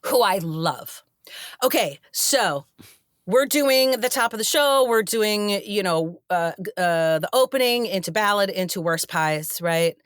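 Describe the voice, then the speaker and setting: A middle-aged woman tells a backstage story in an interview, slipping into the voices of the people she quotes. Her voice sits at an average pitch and sounds close and dry. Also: measured pace, no echo. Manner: animated, acts out quoted dialogue. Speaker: actress guest.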